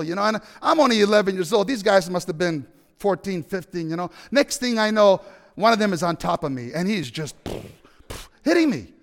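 A man's voice: high-pitched, lively intonation, brisk, big-room sound. A man preaching a sermon by telling a personal story, acting out the dialogue and asking the audience questions. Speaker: pastor.

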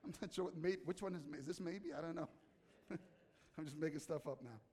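High-voiced pastor in a reverberant hall. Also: male voice, fairly quick, a little mellow, husky. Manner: conversational, questions the audience, acts out quotes. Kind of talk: sermon.

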